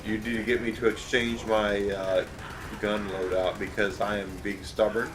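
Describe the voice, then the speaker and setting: A man's voice: lowish voice, level tone, normal speed, noisy background. A man streaming a video game, giving rambling, opinionated advice with lots of fillers. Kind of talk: casual gameplay commentary.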